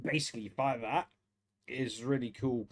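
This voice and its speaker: A man's voice: mid-range voice, normal speed. A man narrating as game master, chuckling often and stumbling into restarts. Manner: rambling, chuckling, many restarts.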